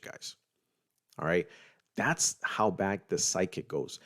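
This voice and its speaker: A middle-aged man from Puerto Rico talks casually on a podcast with a very deep, low voice. He is animated, stumbles and restarts his phrases, and keeps turning to his listeners as he makes his point. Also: slow. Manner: animated, repetitive restarts, addresses listeners as guys. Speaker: podcast co-host, trading group leader.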